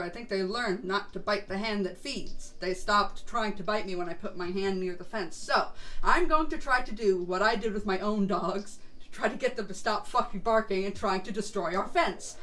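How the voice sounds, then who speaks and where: A VTuber streamer with a mid-range, slightly bright voice chats casually while gaming. She rambles a little and laughs often.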